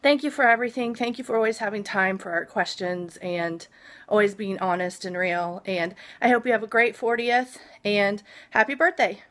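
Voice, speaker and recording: A woman's voice: mid-range voice, fairly even intonation, moderate pace, a bit bright. A woman in her forties giving a heartfelt, sincere birthday message. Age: 40s.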